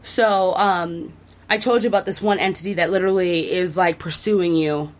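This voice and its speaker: A woman's voice: on the low side, steady tone, normal speed. Chatty woman rambling through a game recap. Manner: rambling, enthusiastic, many fillers and restarts. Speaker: podcast co-host. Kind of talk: casual chat about a video game.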